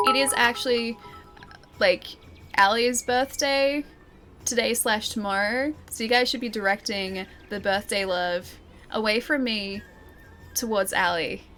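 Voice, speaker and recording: A woman's voice: a little high, fairly bright tone. A young woman live-streaming a game, chatting with her viewers in a giggly, teasing way. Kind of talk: live-streamed gameplay chat.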